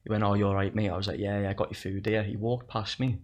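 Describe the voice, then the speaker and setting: A man's voice: on the low side, flat delivery, quick pace, a little mellow. A young man, telling stories in casual chat, swearing and laughing along with himself. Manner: swearing, laughing through his own stories. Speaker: podcast guest.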